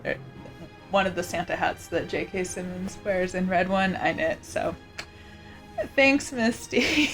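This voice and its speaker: A woman's voice: medium pitch, a bit bright. A woman vlogger chatting casually, rambling with many fillers and restarts. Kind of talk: casual chat.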